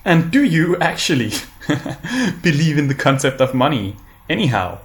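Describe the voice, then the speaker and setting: A man composer giving a meandering, repetitive spoken lesson, often halting on purpose. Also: a little high, big pitch swings. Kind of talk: rambling spoken lecture. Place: large music venue. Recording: echoey room with loud music. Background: loud music.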